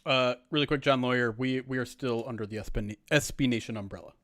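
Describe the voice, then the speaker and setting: A man's voice: mid-range voice, fast, fairly bright tone, dry recording, clean studio sound. A man hosting a casual sports podcast, laughing often as he talks. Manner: laughs often while talking. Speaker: podcast host.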